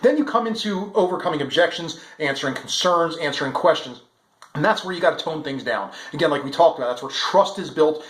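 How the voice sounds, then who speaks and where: An upbeat man coaching salespeople through a daily talk, with plenty of "um"s and "uh"s. His voice sits fairly high for a man. The sound carries a roomy echo. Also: a bit bright. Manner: upbeat, encouraging, many "um" and "uh" fillers.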